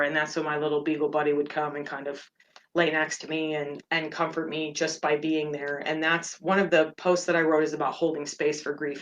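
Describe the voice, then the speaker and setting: A middle-aged woman hosting a meditation podcast, talking gently and candidly about her feelings. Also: low-pitched. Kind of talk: personal reflective talk.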